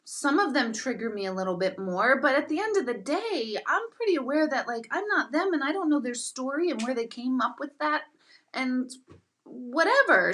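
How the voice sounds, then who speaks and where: A woman's voice: a little high, a bit bright. A middle-aged woman ranting casually on a live stream. She talks emphatically and mocks herself, with frequent laughter. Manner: emphatic, self-mocking, laughs often. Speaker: intuitive and meditation teacher hosting a live stream.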